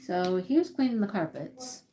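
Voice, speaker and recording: A woman's voice: medium pitch, expressive, moderate pace, dark tone, a little hiss or hum. A woman hosting a casual livestream from her crafting table at home, chatting in a rambling way and often repeating her words. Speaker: livestream host. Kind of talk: casual live-stream chat while crafting.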